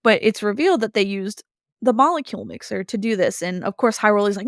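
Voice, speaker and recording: Speaking at a quick pace, a woman co-hosting a podcast recaps a cartoon episode casually, with animated storytelling and short bursts of acting out characters' lines. Her voice is medium-pitched, and the studio-quality recording has no echo.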